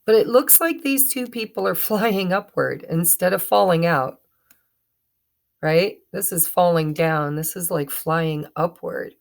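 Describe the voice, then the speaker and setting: Woman, tarot reader, casual reading to camera, low-ish voice, slow, chatty. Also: creaky. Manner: chatty, stumbling, self-correcting.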